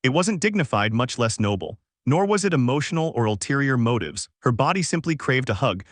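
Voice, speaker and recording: A man narrating a fanfic story in a steady, even reading voice. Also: medium pitch, a little fast, hardly any pauses, no room sound, studio quality.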